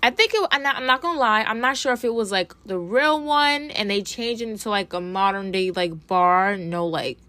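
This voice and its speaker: A young woman casually recapping a TV episode, chatty and animated, full of fillers, acting out what characters said. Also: medium pitch, moderate pace, hardly any pauses, dry recording. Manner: animated gossip, lots of "like", acts out characters' lines. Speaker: TV recap vlogger.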